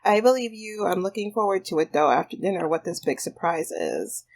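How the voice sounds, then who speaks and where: A woman's voice: fairly low pitch, animated, brisk, a little mellow. A woman voicing an eager young woman graduate in a game playthrough, chatty and full of likes. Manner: chatty, peppered with like.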